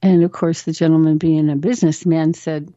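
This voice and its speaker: A woman guest on a talk show, telling a personal story in an animated way. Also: low-pitched, a little fast, no room sound. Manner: animated storyteller who acts out quoted voices. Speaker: interview guest. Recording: dull, lo-fi sound.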